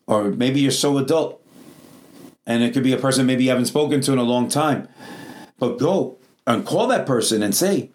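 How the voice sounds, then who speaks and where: A man's voice: mid-range voice, a little fast, a little mellow. A pastor preaching to his congregation. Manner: non-native English phrasing. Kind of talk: Pentecostal sermon. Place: church.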